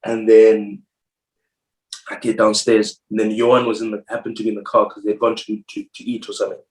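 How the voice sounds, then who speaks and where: A man's voice: on the low side, completely flat delivery, fairly quick, darkish tone. A young man from Zimbabwe, a rugby player guesting on a podcast, telling a story in a rambling way, full of "like" and "bro". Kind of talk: casual storytelling. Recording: echoey room, voice far from mic.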